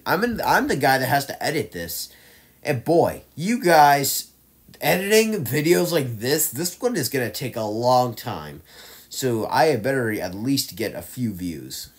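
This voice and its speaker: A man casually ranking movies on his own channel, rambling with lots of fillers and restarts, getting louder and softer as his enthusiasm rises and fades. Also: lowish voice. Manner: enthusiastic, swings loud and soft. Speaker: movie reviewer ranking films. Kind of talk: casual rambling tier-list vlog.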